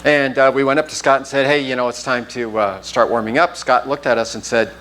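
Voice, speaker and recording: A man's voice: medium pitch, fairly quick, few pauses, slight background noise. A man preaching a sermon as pastor, telling a personal story and acting out the dialogue. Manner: animated storytelling, acts out the dialogue. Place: church sanctuary.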